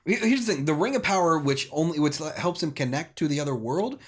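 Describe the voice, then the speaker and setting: A man's voice: a little high, expressive, a little fast, breathy edge. A man co-hosting a movie podcast, making sarcastic jokes and mock lines about the plot. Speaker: podcast co-host. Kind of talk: casual movie-review chat.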